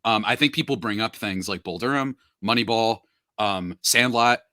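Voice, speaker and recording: Upbeat podcast host with a bright voice. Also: male voice, lowish voice, normal speed, no echo, clean studio sound. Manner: laid-back, joking, filler-heavy. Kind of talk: casual podcast chat.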